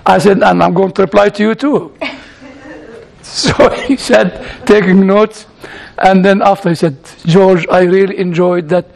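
High, gravelly man with a foreign accent. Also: unhurried. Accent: non-native English accent. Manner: chuckles often, repeats words while telling stories. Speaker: speaker addressing an audience. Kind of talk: humorous storytelling talk. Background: audience laughter.

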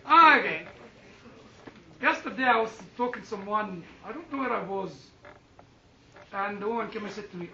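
A man with a high, gravelly voice tells an anecdote at normal speed to an audience in a room, pausing often, chuckling and restarting his sentences. The very noisy recording was made from a distance and sounds roomy and dull.

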